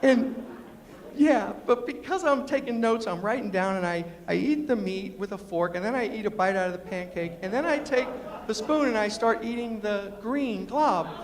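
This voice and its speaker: A middle-aged man tells comic stories to a university audience. He is animated and acts out the people he quotes. His voice sits fairly high and carries a long reverb from the lecture hall. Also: normal speed. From New York City. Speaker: storyteller and humorist. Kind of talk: comic storytelling talk to a live audience.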